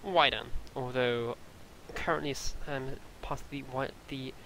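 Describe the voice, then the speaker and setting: A man running a tabletop game as game master, describing scenes in a halting way with many fillers. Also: mid-range voice, steady tone, vocal fry, sharp tone, slight background noise, poor audio.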